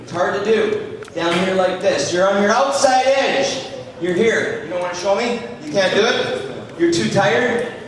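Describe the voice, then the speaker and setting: A man's voice: high-pitched, measured pace, slight background noise. Man lecturing in an echoey hall. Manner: animated, jokey, demonstrating moves. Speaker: hockey skating instructor. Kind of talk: lecture to a live audience. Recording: echoey hall, distant mic.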